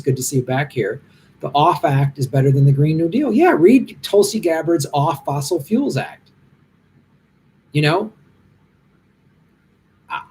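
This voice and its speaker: Impassioned middle-aged comic, fairly high voice. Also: male voice, darkish tone. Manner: impassioned, blunt, rambling. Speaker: stand-up comic hosting a live Q&A stream. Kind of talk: casual chat answering viewer comments. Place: hotel room.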